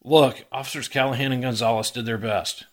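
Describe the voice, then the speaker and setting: A man's voice: medium pitch, steady tone, fairly quick, close to an everyday voice. Casting: worn-out police lieutenant, polite and careful with his boss, read by a man. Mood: dutiful. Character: weary middle-aged male police lieutenant, dutiful.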